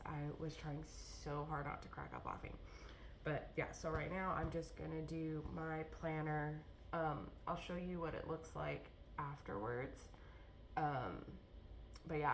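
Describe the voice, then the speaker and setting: A young woman with a low voice talks through her day in a loose, rambling vlog. She fills her talk with ums and restarts, over a faint hum of background noise. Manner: rambling, chatty, lots of fillers and restarts. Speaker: vlogger. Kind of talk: casual vlog chat.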